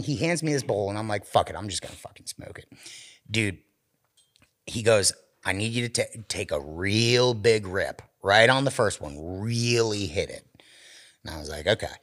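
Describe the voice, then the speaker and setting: A man's voice: on the low side, normal speed. A man, a podcast co-host, telling a story in casual chat, swearing a lot and acting out the voices of the people in it. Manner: animated, profane storytelling with acted quotes.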